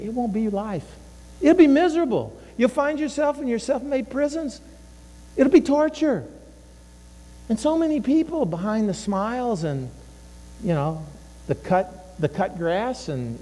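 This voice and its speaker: A man's voice: sits high, warm tone, big-room sound. A man preaching a sermon as a pastor, emphatic and repeating his phrases, sometimes voicing inner thoughts.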